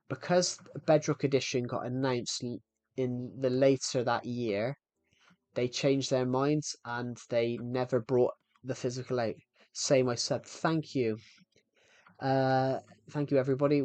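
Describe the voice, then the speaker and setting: A man's voice: medium pitch, a little mellow, no echo. A man in his twenties chatting casually on a live game stream, a little out of breath and rambling as he restarts his sentences. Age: 20s.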